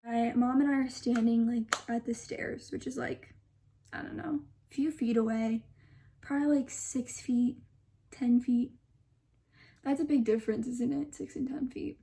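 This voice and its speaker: A woman's voice: on the high side, steady tone, measured pace, warm tone, a little hiss or hum. A young woman telling a personal story in a casual, chatty vlog, full of asides, dropping into whispers for quoted lines. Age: young adult. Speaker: vlogger.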